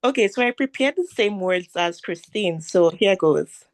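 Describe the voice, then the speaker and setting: A woman's voice: mid-range voice, expressive, moderate pace, dry recording. A woman student confidently delivering a prepared self-introduction in a language class over a video call.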